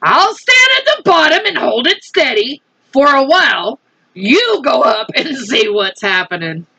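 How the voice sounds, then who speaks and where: A woman's voice: high voice, very animated, measured pace, creaky, husky, no room sound, voice pushed up, full character voice, rough recording. A woman voicing a blustering male chief of police in a storybook, barking orders. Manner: bossy, shouting orders.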